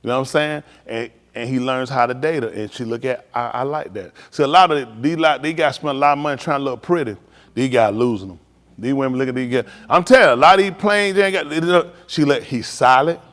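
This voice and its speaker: A man's voice: medium pitch, quick pace, a bit bright, long reverb tail. A middle-aged man, a preacher, giving casual advice on a live stream, telling stories in vernacular and laughing as he goes.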